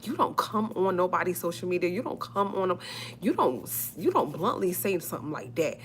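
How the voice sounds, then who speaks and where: A woman's voice: on the low side, expressive, fairly quick, slight background noise. A woman vlogger giving emotional, emphatic commentary on a live stream, repeating herself as she works up her indignation.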